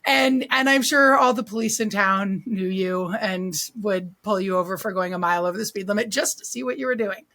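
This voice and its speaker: A young woman from California who co-hosts a podcast and tells lively stories with frequent laughter. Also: medium pitch, a little fast, hardly any pauses. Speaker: co-host, hot sauce maker. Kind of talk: casual podcast chat.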